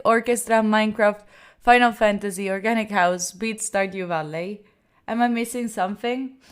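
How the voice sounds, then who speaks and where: A young woman from Italy hosting a study livestream, emotionally thanking viewers and close to tears. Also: on the high side. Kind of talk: casual livestream chat.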